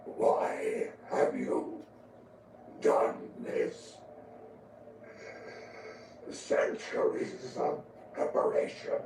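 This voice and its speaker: Dying old man, bitter, halting and extremely slow, echoey and distant behind loud noise.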